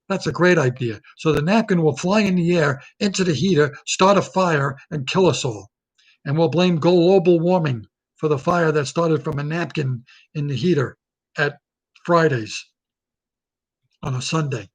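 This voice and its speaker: A man talking straight to his audience in a loose comic monologue, jumping from joke to joke. His voice sits somewhat high for a man, and his tone stays sarcastic and rambling. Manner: rambling, sarcastic riffing with quick jokes. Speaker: comedian and host.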